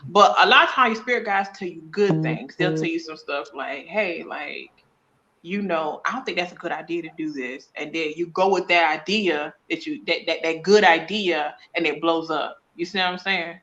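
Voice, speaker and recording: A woman, a psychic medium, chatting casually as an interview guest, slangy and animated, acting out little dialogues as she explains. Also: deep voice, moderate pace, dull audio.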